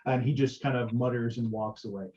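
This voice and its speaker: A man's voice: medium pitch, steady tone, fairly quick, warm tone. A man narrating a tabletop game as game master, rambling with many fillers. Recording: dull lo-fi audio.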